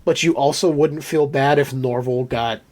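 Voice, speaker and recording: A man co-hosting a casual podcast, recapping a film in an animated, profane way and acting out the characters' lines. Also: mid-range voice, moderate pace. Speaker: podcast co-host.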